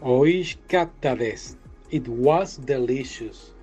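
A man's voice: mid-range voice, normal speed, warm tone, faint music behind, low-quality recording. A man working through a language app lesson, chatty and often repeating and correcting himself. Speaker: language tutor. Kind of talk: casual lesson walkthrough.

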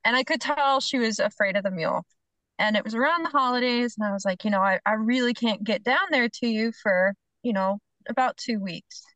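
Woman trainer spinning a yarn on a podcast, kinda high voice, dry close sound, does all the voices in her story. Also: fairly quick, no room sound, poor audio. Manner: animated storyteller, acts out the other people's lines, laughs between phrases. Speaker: horse trainer, podcast guest. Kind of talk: casual storytelling chat.

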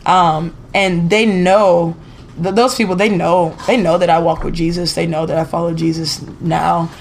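A woman's voice: fairly low pitch, level tone, moderate pace, slight background noise. A woman telling a story as a guest singer on a podcast interview, chatty and rambling, full of "like" and "you know".

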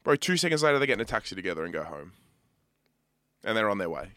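A young man in his twenties with an Australian accent, co-hosting a podcast and telling a sweary, animated story in casual chat. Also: lowish voice, fast, no echo, clean studio sound. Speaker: podcast co-host.

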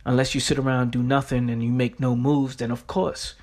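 A man's voice: medium pitch, flat delivery, brisk, darkish tone. Blunt, profane man hosting a motivational podcast. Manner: blunt, profane, keeps asking "right?"; repeats himself for emphasis. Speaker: podcast host.

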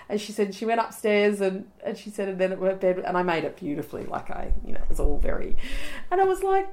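A woman's voice: medium pitch, lively intonation, quick pace, a little mellow, rough recording. Aussie woman podcast host, chatty, tells stories, laughs a lot. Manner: chatty storyteller, laughs often. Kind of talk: casual chat.

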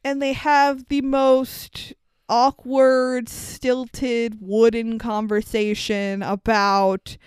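A woman with a somewhat high, smooth voice picks apart a bad movie with sarcasm and plenty of swearing. She laughs often as she talks. The sound is close and dry. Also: little pitch movement, very slow, no room sound. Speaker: podcast co-host. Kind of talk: casual movie-riffing chat.

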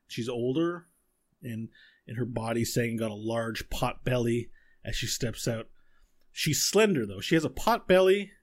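A man narrating as game master, describing scenes with fillers and restarts. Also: medium pitch.

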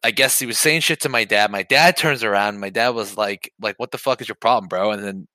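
A man tells stories on a podcast in loose, profanity-laced chat and gets loud when he plays out scenes. His voice is bright and forceful. The sound is dry and close. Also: on the low side, quick pace, no echo. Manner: profane, animated, shouts when reenacting. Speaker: podcast co-host. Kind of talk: casual storytelling chat.

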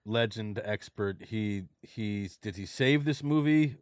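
A man's voice: fairly low pitch, takes it slowly, clean tone, no echo, studio quality. A man hosting a podcast, chatting casually with guests, joking and swearing freely. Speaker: podcast host. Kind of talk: casual chat.

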